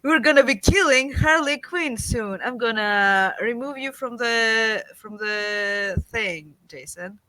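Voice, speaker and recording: A man's voice: very high-pitched, takes it slowly, hardly any pauses, pushed and bright. A man hosting a casual podcast, teasing his co-hosts in crude, swearing banter. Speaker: podcast host.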